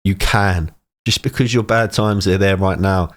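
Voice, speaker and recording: A middle-aged man with a very low voice, speaking earnestly and close to tears. He talks in short, punchy lines broken by heavy sighs, the way a motivational speaker would. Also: steady tone, normal speed. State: tearful, emotional. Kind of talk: emotional personal testimony.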